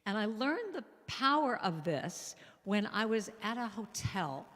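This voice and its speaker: A woman guest speaker and musician giving a playful, animated spiritual talk in a church hall, now and then breaking into song. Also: mid-range voice, unhurried. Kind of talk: lively spiritual talk with singing.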